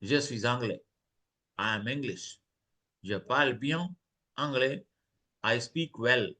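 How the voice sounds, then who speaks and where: A man's voice: medium pitch, slow pace, pushed and bright. A man teaching French online, reading short dialogues aloud and translating each phrase into English.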